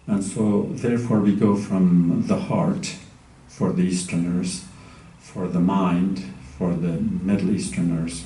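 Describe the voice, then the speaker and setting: Deep slow guy lecturing, lots of ums, sounds far from the mic in a big echoey room. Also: warm tone. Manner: measured, frequent ums and uhs. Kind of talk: academic lecture.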